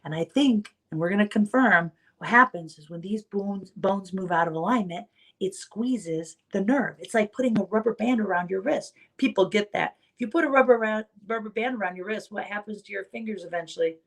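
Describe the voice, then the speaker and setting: A woman chiropractor addresses her peers in a heartfelt motivational talk, her voice sitting at an ordinary middle pitch. She tells stories with sincere conviction and leans on repeated phrases to drive her points home. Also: brisk. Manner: earnest, emphatic storytelling; repeats key phrases for emphasis.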